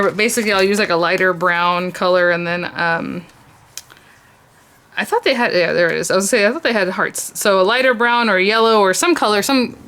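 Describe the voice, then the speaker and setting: A woman hosting a crafting channel works at her desk through a casual tutorial, thinking aloud, restarting often and laughing a little. Her pitch is fairly low and her tone fairly bright.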